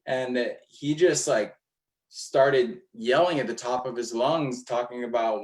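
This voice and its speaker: A man's voice: medium pitch, slow, low-quality recording. A man speaking as an environmental activist in a casual panel discussion, rambling with many restarts and fillers.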